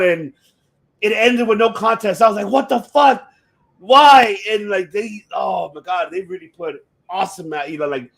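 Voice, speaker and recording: A man hosting a casual chat show, talking excitably with lots of swearing and restarts. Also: sits high. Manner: excitable, profane, rambling with many restarts. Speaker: podcast host. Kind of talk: casual chat about wrestling.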